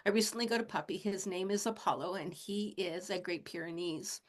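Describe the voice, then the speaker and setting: A woman in her late sixties, a shamanic teacher, talking in a gentle, casual teaching manner and chuckling often. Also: fairly low pitch, brisk. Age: 60s. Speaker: shamanic teacher and animal communicator.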